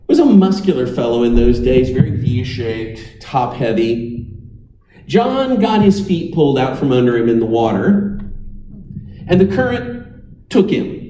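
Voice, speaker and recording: A man's voice: mid-range voice, mellow, reverberant, far from the mic, slight background noise, low-quality recording. A man preaching a sermon, telling stories with dry, wry humor. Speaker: pastor.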